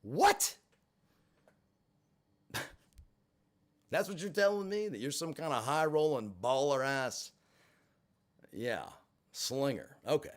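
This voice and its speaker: A man's voice: a little high, a little slow, pauses often. A man telling a personal story in a vlog, swearing freely and adding sarcastic asides. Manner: expressive, profane, sarcastic asides. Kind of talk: animated storytelling monologue.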